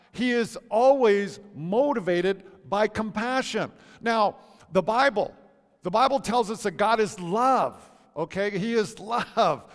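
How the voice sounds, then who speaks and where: A man preaching a sermon as pastor in a church, jovial and chuckling often between phrases. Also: high voice. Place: church sanctuary. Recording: long reverb of a church hall.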